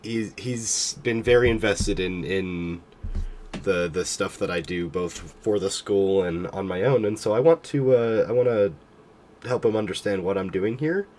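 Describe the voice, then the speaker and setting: A man's voice: lowish voice, a little slow, darkish tone, slight background noise. A young man streaming a game, talking casually and rambling with many hesitations, sounding sick and tired. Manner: rambling, hesitant, self-deprecating. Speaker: gaming streamer.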